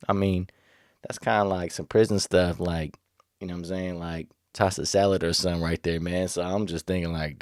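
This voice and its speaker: A man's voice: fairly even intonation, a little fast, a little mellow, no echo, studio quality. A young man telling a rambling story in casual slang, laughing often and raising his voice when he quotes others. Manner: raises pitch when quoting others. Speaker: vlogger.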